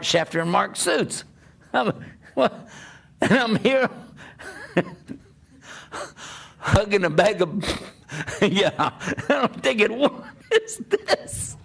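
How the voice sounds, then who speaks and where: Older guy preacher, gravelly voice a bit high, tells his story with laughs and little acted bits. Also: takes it slowly, pauses often. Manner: animated storyteller, laughs, acts out dialogue. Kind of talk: storytelling talk.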